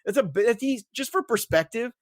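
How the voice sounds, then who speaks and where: A man co-hosting a casual fantasy football podcast, talking in an excitable, emphatic way and laughing often. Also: very high-pitched, moderate pace, no room sound, clean studio sound. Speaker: podcast co-host.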